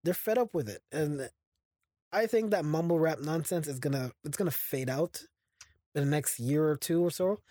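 Man, fairly high voice, opinionated rant, podcast chat, dry sound. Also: moderate pace, warm tone, dry recording. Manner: opinionated, ranting, repetitive restarts. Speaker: podcast co-host.

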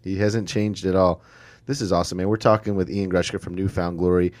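Male interview host, very deep voice, eager and gushing. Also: steady tone, fairly quick, darkish tone. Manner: enthusiastic, gushing praise with frequent restarts. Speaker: podcast host interviewing a musician. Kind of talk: casual interview chat.

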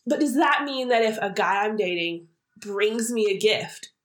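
A young woman co-hosts a casual podcast, chatty and quick to laugh. She thinks aloud as she goes, scattering "like" through her sentences. Her voice rings a bit in an echoey room. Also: medium pitch, expressive. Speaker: podcast co-host. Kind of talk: casual chat.

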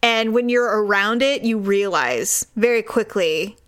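A woman in her forties telling a story in casual chat, animated and laughing often. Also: medium pitch, measured pace.

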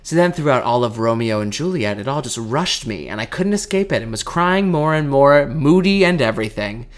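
A young man in casual chat, reading old messages aloud with sardonic, animated commentary. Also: medium pitch, a little fast. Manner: sardonic, animated, swears freely.

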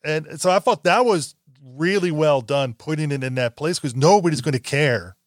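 A man's voice: on the high side, moderate pace, no room sound, studio quality. A man in casual conversation about a horror film, talking in a rambling way with frequent restarts.

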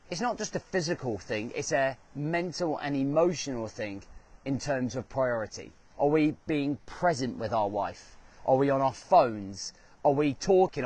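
Earnest male host, a touch high-pitched, motivational delivery that leans on repetition. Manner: earnest, repeats phrases for emphasis. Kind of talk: motivational talk.

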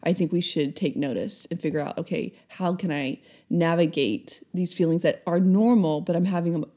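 A woman's voice: lowish voice, moderate pace, mellow. A woman from the American South with a faint Southern accent, co-hosting a podcast in casual, agreeable chat. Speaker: podcast co-host.

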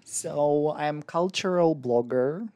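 Podcast co-host, casual chat, slow, halting, laughs a lot. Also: mid-range voice, darkish tone, clean tone. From Ukraine. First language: Ukrainian. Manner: hesitant, many ums, laughs often. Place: Berlin area.

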